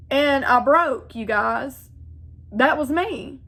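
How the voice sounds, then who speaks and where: A woman with a slightly high voice tells her own faith story in a casual, heartfelt way. She speaks earnestly, repeating herself as she goes and turning to address her viewers directly. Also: expressive, slow, fairly bright tone. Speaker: faith vlogger. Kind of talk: personal testimony, casual.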